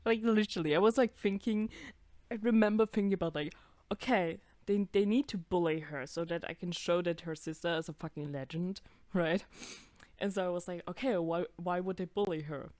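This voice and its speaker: A woman's voice: fairly low pitch, a little fast, a little mellow, dry recording. A young woman casually reacting to her own old videos, swearing, laughing and putting on voices for the characters.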